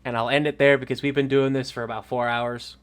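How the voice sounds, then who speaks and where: A man's voice: medium pitch, flat delivery, fast, smooth. A man narrating a tabletop game as game master, casual and rambling, with fillers and the odd swear.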